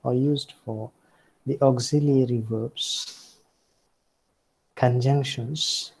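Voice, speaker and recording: A man giving a phonetics lecture, slow and halting with frequent fillers. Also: mid-range voice, vocal fry, a little hiss or hum, low-quality recording.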